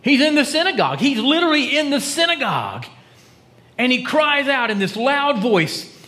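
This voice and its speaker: A pastor preaching a conversational sermon, dropping to hushed tones for dramatic quotes. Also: male voice, extremely high pitch, very animated, moderate pace. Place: church.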